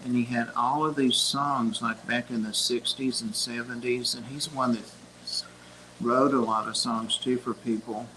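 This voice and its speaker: Older man rambling with a flat voice. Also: mid-range voice, unhurried, a little hiss or hum, low-quality recording. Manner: rambling, reminiscing storyteller. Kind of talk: casual chat.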